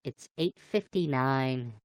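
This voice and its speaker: Low-voiced playful woman livestreamer. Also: slow, a little mellow, no echo. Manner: playful, chatty, greets viewers by name. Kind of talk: casual live chat with viewers.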